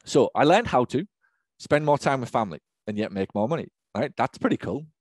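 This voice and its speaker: A man's voice: mid-range voice, expressive, a little mellow, no room sound. A man, working as a business coach, ranting through an online webinar with lots of swearing and emphatic repetition. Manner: profane, emphatic, rapid-fire rant.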